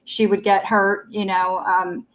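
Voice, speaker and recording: A woman's voice: mid-range voice, flat delivery, unhurried, fairly bright tone, slight background noise, poor audio. A woman co-hosting a casual livestream chat, telling personal stories with hesitant restarts. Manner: chatty storyteller, hesitant restarts. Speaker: co-host of a livestream chat show.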